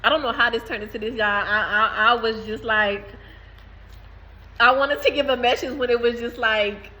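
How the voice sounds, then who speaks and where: Bright-voiced woman rambling to camera. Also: a little high, fairly even intonation, normal speed, rough recording. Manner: rambling, repeats herself, laughs between phrases. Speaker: vlogger. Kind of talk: casual spiritual talk to camera.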